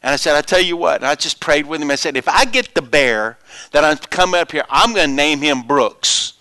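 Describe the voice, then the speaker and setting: A male pastor preaching a sermon, telling stories of the people he ministers to and dropping to whispers before rising to loud, high exclamations. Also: animated, fairly quick, dry recording.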